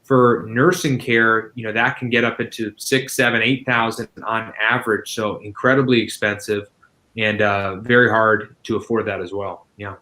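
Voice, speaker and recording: A man's voice: lowish voice, level tone, moderate pace, bright, forceful tone, low-quality recording. A man, a guest expert on senior living, answering interview questions in a casual, explanatory way with frequent "you know" fillers.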